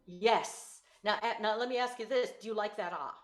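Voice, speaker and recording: A woman voice teacher coaching a student over a video call, giving quick praise and clear instructions. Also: mid-range voice, roomy sound. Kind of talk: virtual one-on-one singing lesson.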